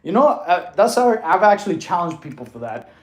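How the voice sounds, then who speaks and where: A man's voice: high-pitched, very animated, brisk. A man coaching fitness on a casual livestream, laughing often and answering chat questions, filmed on a tripod camera.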